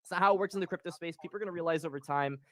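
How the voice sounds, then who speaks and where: Fast-talking crypto channel man. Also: fairly high pitch, a bit bright, no echo, studio quality. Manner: emphatic, rambling, supportive. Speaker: guest crypto channel creator. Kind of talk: casual livestream talk.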